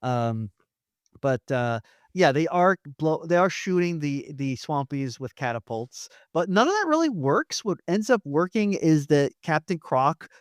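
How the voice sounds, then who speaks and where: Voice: medium pitch, very animated, measured pace, no room sound, studio quality. Chatty, laughing podcast voice. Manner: chatty, laughs often, hedging. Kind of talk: casual chat.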